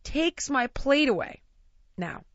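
An American woman telling a lively, laughing anecdote in casual chat. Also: sits high, slow, dry recording, lo-fi sound. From United States.

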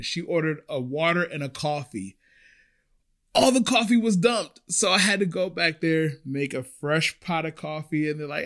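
A man's voice: on the high side, normal speed, fairly bright tone. A man who works as a restaurant server, earnestly telling a personal story in a conversational way with many restarts.

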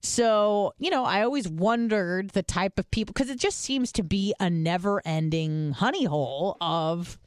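A woman's voice: medium pitch, a little slow, few pauses, clear, resonant tone, no echo, studio quality. A woman co-hosting a podcast, telling stories in casual chat and swearing freely. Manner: chatty storytelling, swears freely. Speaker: podcast co-host.

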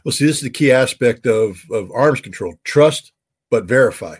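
A man who was once a weapons inspector gives expert commentary as an interview guest, halting with many fillers and lively when he quotes others. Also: mid-range voice, husky.

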